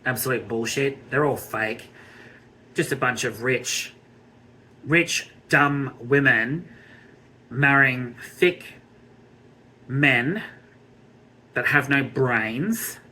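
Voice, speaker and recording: An Australian man giving a blunt, scornful TV review rant, swearing freely and filling pauses with ums. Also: mid-range voice, pushed and bright, husky, rough recording. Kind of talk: ranting review vlog.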